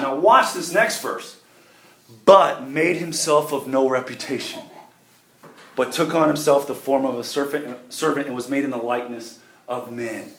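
A middle-aged man with a medium-pitched, fairly bright voice preaches a sermon in a church at a normal pace. His delivery is folksy and emphatic, with volume that rises and falls. The room is echoey, with faint background noise.

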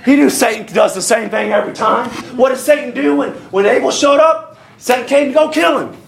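Gravelly, high-voiced preacher in an echoey church. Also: male voice, brisk, a little hiss or hum. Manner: folksy, animated preaching that acts out voices. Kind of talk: sermon. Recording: echoey church hall with congregation. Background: congregation calling out amens.

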